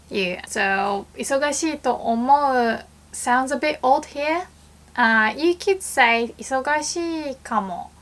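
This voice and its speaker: Chatty woman teaching Japanese phrases. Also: fairly high pitch. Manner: chatty, acts out example phrases with lively voice shifts. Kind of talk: casual language lesson.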